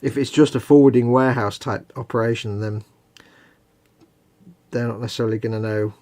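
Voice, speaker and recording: A man's voice: mid-range voice, little pitch movement, brisk, darkish tone. A man co-hosting a live hobby stream, explaining at length in a rambling, casual way with hedges and restarts. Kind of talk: casual chat.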